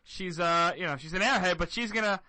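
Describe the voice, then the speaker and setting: Young male talk radio host, high quick bright delivery, teasing banter, dry close sound. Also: no room sound. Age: 20s. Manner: joking, teasing.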